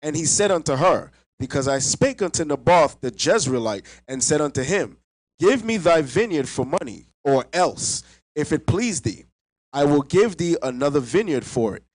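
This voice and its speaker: A man reads scripture aloud in a steady, formal manner. His voice is a little high, and the sound is dry, with no room echo. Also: moderate pace. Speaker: scripture reader. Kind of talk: reading Bible verses aloud.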